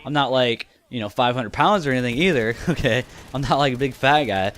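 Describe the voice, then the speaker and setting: A man's voice: mid-range voice, fairly quick, a bit bright. A man in his twenties telling funny personal stories to his viewers in a casual, chatty way, often laughing and saying "you know". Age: 20s. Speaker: vlogger. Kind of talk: casual storytelling to camera.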